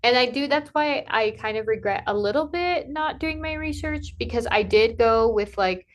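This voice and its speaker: A woman in casual conversation, telling a personal travel story in a lively way, acting out what people said to her and filling her talk with "like". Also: on the high side, normal speed. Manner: animated, acts out quoted dialogue, many "like" fillers. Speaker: podcast guest, Camino pilgrim.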